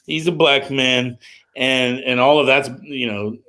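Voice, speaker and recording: A middle-aged man, a music promoter, casually telling an animated story on a livestream call, with lots of filler words. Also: medium pitch, measured pace.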